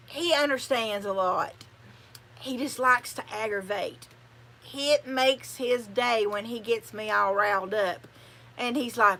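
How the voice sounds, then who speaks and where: Slow-talking older woman. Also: on the high side, sharp tone. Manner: rambling, chatty, folksy. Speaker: channel host. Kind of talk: casual livestream chat.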